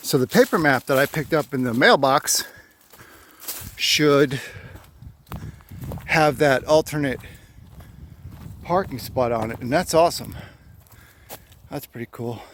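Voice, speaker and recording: A man's voice: mid-range voice, slow pace, long pauses, fairly bright tone, a little hiss or hum. A man vlogging a solo hike outdoors, talking to himself with wry, chatty asides and winded from walking. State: out of breath. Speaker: hiking vlogger. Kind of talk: rambling solo trail vlog. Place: wooded hiking trail outdoors.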